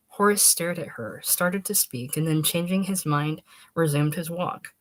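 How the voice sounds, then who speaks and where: A woman narrating a short story in a steady, measured audiobook reading. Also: sits low.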